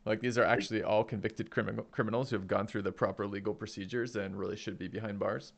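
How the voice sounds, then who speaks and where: A man's voice: fairly low pitch, steady tone, fast talker, gravelly. A man playing in a tabletop game, joking and rambling in casual chat. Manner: joking, rambling with many fillers. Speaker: player.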